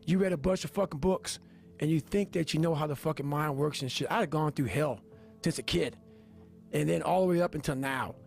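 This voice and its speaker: A man's voice: fairly high pitch, a little fast, gravelly, a little mellow. A man giving a motivational talk, intense and profane, hammering his points with repetition. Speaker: motivational speaker. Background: faint music.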